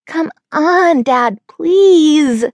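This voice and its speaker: A woman's voice: high voice, normal speed, dry recording, studio quality, pitched above the performer's own voice. A woman narrator voicing a pleading, whiny seventeen-year-old girl in an audiobook. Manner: excited, pleading, exaggerated. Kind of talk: audiobook character voice.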